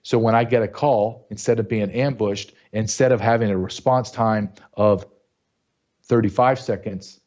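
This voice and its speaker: A middle-aged man delivers opinion commentary as a show host, blunt and emphatic, stacking rhetorical questions. His voice sits low with a mellow, dark tone. The recording sounds dull and lo-fi.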